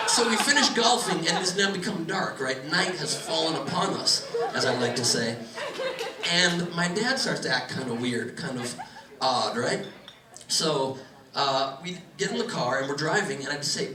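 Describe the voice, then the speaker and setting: A young man telling a stand-up story on a club stage, animated and building to loud punchlines. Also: on the high side, moderate pace. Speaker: stand-up comedian. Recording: echoey club from a distant mic, loud crowd. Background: audience laughter.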